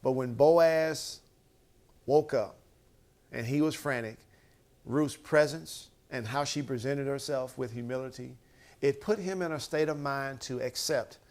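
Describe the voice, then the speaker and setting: A man's voice: medium pitch, measured pace, darkish tone. A man giving an emphatic motivational talk, counting off his points one by one. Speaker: motivational speaker.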